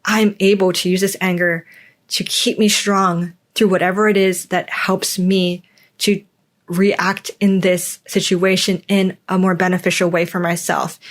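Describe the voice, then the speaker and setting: Candid woman musing on her own feelings. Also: on the low side. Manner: candid, acts out quoted voices. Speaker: podcast host. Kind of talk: personal reflective monologue.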